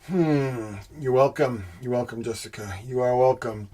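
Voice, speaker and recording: A man's voice: mid-range voice, normal speed, mellow. Breathless, congested man thanking livestream viewers. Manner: hesitant, many fillers, thanks viewers by name; insinuating, rhetorical asides. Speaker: host of a livestream presentation. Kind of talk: casual livestream chat, reading viewer comments.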